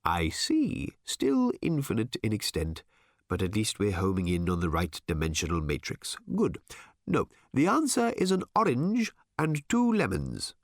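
A man voicing a strange, chatty, shape-shifting bird-like machine in an audiobook, its pitch jumping from very high to very deep. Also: no room sound, studio quality, heavily acted. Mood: matter-of-fact. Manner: shifts pitch wildly, calm and briskly matter-of-fact. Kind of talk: audiobook character voice.

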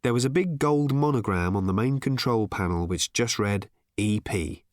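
A man narrates an audiobook in a wry, expressive manner, his pitch moving lively through each sentence. The recording is dry and close-miked, with no room sound. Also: moderate pace, dry recording. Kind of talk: scripted narration.

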